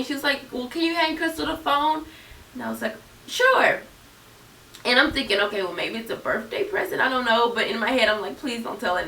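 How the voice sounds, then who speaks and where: A woman's voice: medium pitch, pushed and bright, recorded from a distance. Young woman telling a personal story. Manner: earnest, addresses viewers directly. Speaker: YouTuber. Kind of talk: storytime vlog. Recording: echoey room, mic set back.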